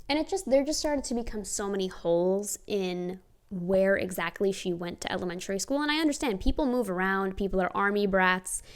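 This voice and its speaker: A young adult woman telling personal stories to camera in a casual, chatty way, with emphatic, sardonic asides. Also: mid-range voice. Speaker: vlogger.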